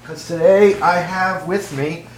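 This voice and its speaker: A man's voice: high voice, steady tone, unhurried, a little hiss or hum, pitched above the performer's own voice. A man playing a rambling, overexcited amateur podcaster in a comedy sketch. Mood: eager. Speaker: podcast co-host in a parody sketch.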